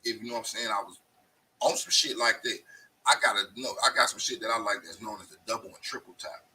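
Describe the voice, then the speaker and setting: A man's voice: on the low side, steady tone, fast talker, pushed and bright, distant mic, a little hiss or hum, poor audio. A male show host delivering a blunt, profane, emphatic monologue straight to his viewers. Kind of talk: casual ranting monologue.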